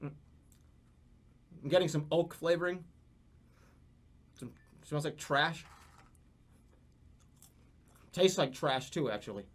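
A male streamer riffs through a live stream, cursing freely and jumping between mock outrage and laughter. His voice sits slightly high and swings widely in pitch. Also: takes it slowly, pauses often. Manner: profane, animated, rambling. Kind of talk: casual livestream commentary.

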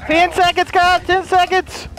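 A man giving loud, frantic gameplay commentary with friends, yelling and cackling at other players. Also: extremely high pitch, completely flat delivery, a little slow, over music. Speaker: gaming YouTuber.

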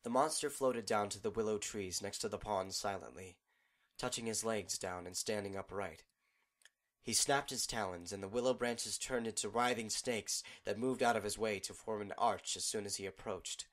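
A man narrating a fan fiction audiobook in a steady, measured storytelling manner. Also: fairly low pitch.

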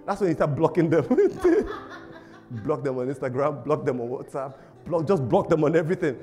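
A man preaching a sermon as a pastor, animated and humorous, laughing often and acting out little voices. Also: a little high, a little slow, faint music behind. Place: church service.

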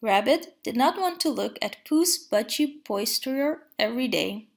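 A woman reading a children's picture book aloud in a measured storytelling manner, acting out the characters' lines. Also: on the high side, expressive, creaky. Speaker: storybook reader.

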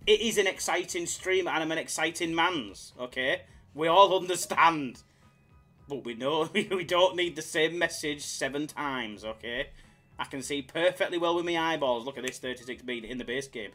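A man's voice: on the high side, moderate pace, fairly bright tone, faint music behind. A man streaming slots live, bantering with chat in a jokey, hyped-up way. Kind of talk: casual live-stream chatter.

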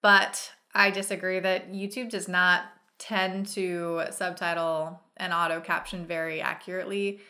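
A woman's voice: fairly low pitch, pushed and bright. A freelance copywriter, a woman, gives casual, blunt reaction commentary and hammers her points home by repeating them.

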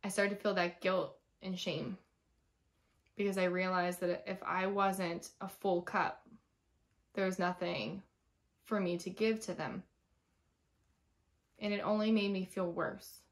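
A woman's voice: fairly low pitch, steady tone, unhurried, long pauses. A woman in her thirties, a former teacher, talking candidly and chattily in a personal vlog, telling stories frankly and with feeling. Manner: frank and emotional.

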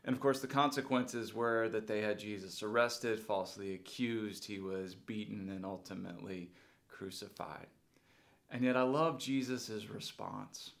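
A man's voice: fairly low pitch, measured pace, gravelly, a bit bright. A middle-aged man, a pastor, telling a personal story in a sermon with earnest, rising feeling.

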